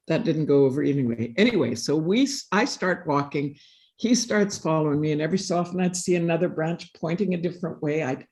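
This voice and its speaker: A woman's voice: low voice, a little mellow. A woman speaking on a panel, telling a personal story in an earnest, reflective way. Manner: earnest, reflective, acts out quoted dialogue. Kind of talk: personal storytelling in a live session.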